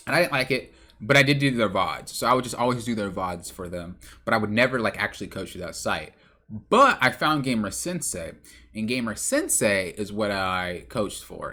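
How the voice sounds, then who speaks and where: A man's voice: lowish voice, bright, forceful tone. A man hosting his own podcast and telling a casual story about his work as a game coach. He rambles, stumbles over words and corrects himself often.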